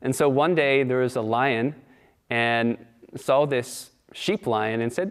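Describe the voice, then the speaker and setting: A man's voice: mid-range voice, slow pace, smooth. A man giving a Sunday service talk in an easy storytelling sermon style, often asking his listeners questions. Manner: warm storytelling, asks the audience questions.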